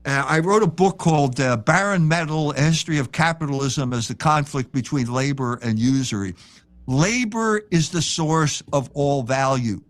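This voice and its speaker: An older man speaks as a guest author on a live interview stream. His voice sits high, and he lectures in an opinionated, emphatic way. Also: animated, moderate pace.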